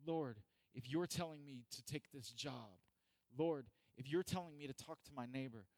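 A man's voice: mid-range voice, normal speed, a little mellow, no echo. A man preaching a sermon, earnest and repetitive, building to emphatic peaks.

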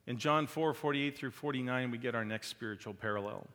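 A man preaching a sermon with passion, swinging between loud emphasis and quiet, drawn-out lines. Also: medium pitch. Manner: impassioned, rising to loud emphasis and dropping to quiet. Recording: long hall reverb.

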